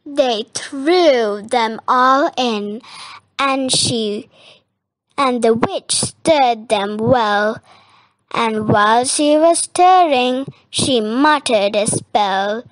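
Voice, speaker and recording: A woman reading a rhyming children's picture book aloud in a measured, sing-song way. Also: a little high, a bit bright, dry recording. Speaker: storybook reader.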